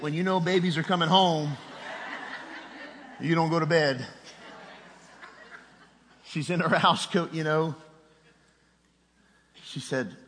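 A man's voice: on the high side, a bit bright, big-room sound. A middle-aged man preaching a sermon, telling a personal story with rising emotion and a raised voice at its peak.

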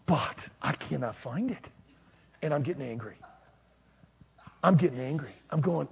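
Animated raspy male preacher telling a story. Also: on the high side, moderate pace, pauses often. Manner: animated, self-mocking storyteller who shouts and laughs at the climax. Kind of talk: storytelling sermon. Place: hall with a live audience.

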